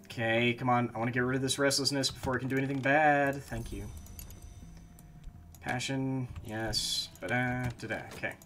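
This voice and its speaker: Bright-voiced man streaming a game. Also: medium pitch, steady tone, moderate pace, a little hiss or hum. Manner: talks to himself, swears, frustrated outbursts. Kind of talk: casual gameplay commentary.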